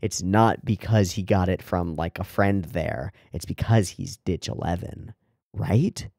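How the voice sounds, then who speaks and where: Low-voiced man in casual commentary. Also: a little slow, gravelly, a little mellow, no room sound, studio quality. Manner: enthusiastic, rambling, heavy use of "like" and "right?". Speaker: anime reaction host. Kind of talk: casual commentary on an anime episode.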